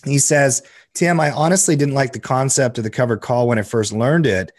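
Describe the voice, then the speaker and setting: A man co-hosting a trading show, relaxed and upbeat, reading out viewer comments and chatting. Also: mid-range voice, normal speed, no echo. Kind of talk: casual market talk, reading chat comments.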